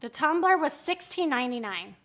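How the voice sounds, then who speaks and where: A woman's voice: high voice, lively intonation, fairly quick, a bit bright. A woman, hosting a live shopping stream in casual, chatty talk, often giggling and breaking off mid-sentence. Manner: chatty, giggly, self-interrupting. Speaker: livestream shopping host. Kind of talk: casual live-selling chat.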